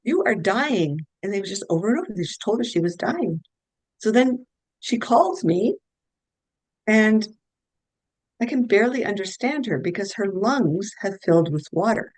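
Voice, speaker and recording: A woman's voice: mid-range voice, animated, moderate pace, long pauses, a little mellow, no echo, rough recording. A middle-aged woman, a guest health practitioner, telling case stories in an earnest, anecdotal way and restarting her sentences often. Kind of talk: conversational interview storytelling.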